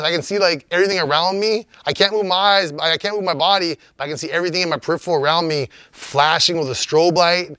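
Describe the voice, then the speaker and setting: A man's voice: a little high, fairly bright tone, no room sound. A man telling a story as an interview guest, in a rambling, profane, laid-back way.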